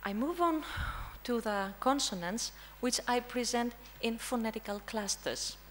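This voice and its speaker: A woman's voice: fairly high pitch, expressive, measured pace, slight background noise, poor audio. A woman with a Greek accent giving an interactive conference lesson, quizzing the audience and often checking in with a questioning "hmm?". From Greece. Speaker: language teacher presenting. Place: conference room.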